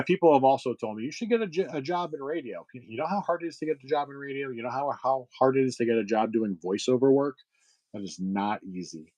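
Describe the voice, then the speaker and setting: A middle-aged man with a lowish, somewhat dark voice hosts a livestream sale, chatting casually with viewers. He rambles, full of fillers and restarts, and the recording quality is low.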